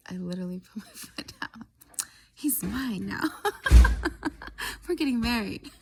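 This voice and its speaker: A woman telling a long story casually, often dropping into a soft whisper and pausing with halting fillers. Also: fairly low pitch, creaky.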